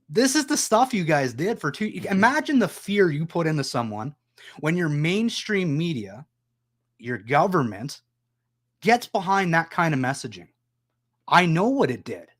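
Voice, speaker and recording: A man's voice: a little high, a bit bright. A man hosting a political discussion, talking with passion and raw emotion, hammering his points home. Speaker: podcast host.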